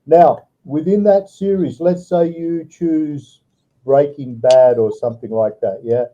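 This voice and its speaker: A man's voice: a little high, a little slow, mellow, lo-fi sound. A man tutoring a student over a video call, giving step-by-step advice and checking in with "all right" often. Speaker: online English tutor.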